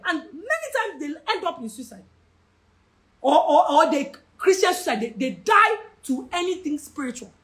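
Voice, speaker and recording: Young woman, Nigerian English accent, Bible study teacher, high voice, very lively intonation, fervent and repetitive. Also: normal speed. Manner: passionate, repeats phrases, shouts for emphasis.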